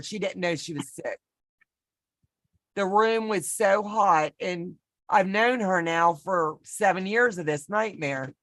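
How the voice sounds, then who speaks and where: A woman's voice: on the low side, a bit bright, no room sound. A woman telling a rambling personal story in casual chat over a video call from home, chatty and folksy with self-deprecating humor. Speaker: co-host of a sewing pattern walk-through.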